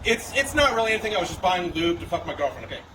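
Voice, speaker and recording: Young male stand-up comedian, self-deprecating storyteller, high-pitched, recorded from a distance in a noisy small venue. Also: very animated, rapid-fire. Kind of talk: stand-up set. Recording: distant mic with loud background noise.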